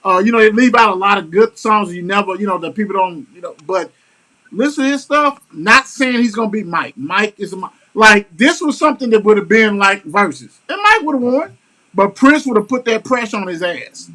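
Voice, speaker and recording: Male talk-show host, high bright voice, blunt and slangy, swears a lot. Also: expressive, fairly quick. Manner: blunt, slangy and emphatic, with frequent profanity. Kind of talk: casual sports-talk chat.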